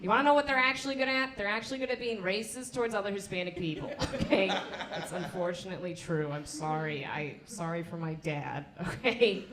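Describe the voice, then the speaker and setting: A woman's voice: on the low side, a little fast, crowd noise. Self-mocking young woman comic, echoey room. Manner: animated, self-mocking storytelling. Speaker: stand-up comedian. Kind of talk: stand-up set.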